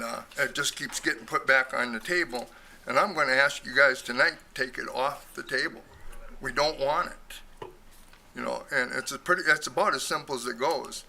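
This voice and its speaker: Frustrated guy at a council podium, kinda out of breath, bright edgy voice, slight hiss behind. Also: a little high. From Michigan. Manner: blunt, frustrated, repeats himself. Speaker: public commenter. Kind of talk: public comment at a meeting. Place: city council chamber.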